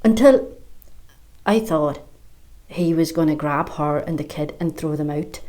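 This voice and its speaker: An actress playing a bitter, fierce middle-aged Irish mother, delivering a sharp-tongued, swearing stage monologue in an Irish accent. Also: sits low, unhurried. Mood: scornful, fierce.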